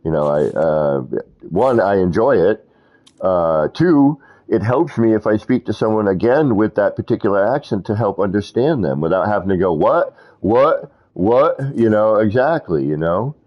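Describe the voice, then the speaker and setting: A man with a fairly low voice chats loosely while he streams a game, rambling from one thought to the next as players drop into his voice chat. The audio is dull and lo-fi, like a basic stream mic. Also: animated, normal speed. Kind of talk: casual live-stream chat while gaming.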